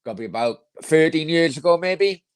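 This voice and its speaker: Crude rambling man, fairly high voice. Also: lively intonation, fairly quick, clear, resonant tone, no echo. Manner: crude, rambling, swears freely, reads viewer comments aloud. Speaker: football channel host. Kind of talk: casual live-stream chat.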